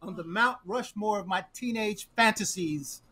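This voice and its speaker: A man's voice: sits high, normal speed, pushed and bright, husky. A man co-hosting a podcast, chatting casually, flustered and stammering. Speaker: podcast co-host. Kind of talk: casual chat.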